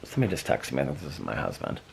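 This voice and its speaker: A man's voice: rumbling low, big pitch swings, rapid-fire, gravelly, slightly rough. An American man vlogging at home in a rambling, chatty way, talking to his dog. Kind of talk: casual chat. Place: home, indoors. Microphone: camera.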